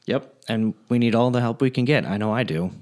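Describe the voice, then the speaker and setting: A man co-hosting a casual faith discussion, telling stories in a relaxed, chatty way with many fillers. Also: mid-range voice, brisk. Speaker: podcast co-host.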